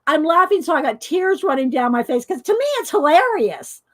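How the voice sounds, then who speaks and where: A woman's voice: high voice, animated, a little fast, no room sound. A middle-aged woman, telling rambling stories and laughing often while she colors on camera. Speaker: coloring video host. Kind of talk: casual storytelling while coloring.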